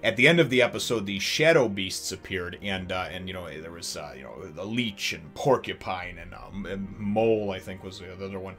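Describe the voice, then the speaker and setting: A man hosting a casual episode review, rambling and animated, full of fillers, chuckles and acted-out bits. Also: sits low, normal speed, few pauses, soft background music. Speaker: anime reviewer and channel host.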